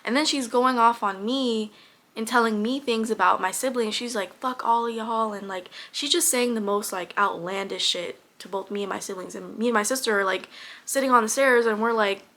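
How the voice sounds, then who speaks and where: A woman's voice: medium pitch, fairly quick, a bit bright. A young woman casually telling a personal story straight to camera, candid, with lots of fillers and some swearing. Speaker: vlogger.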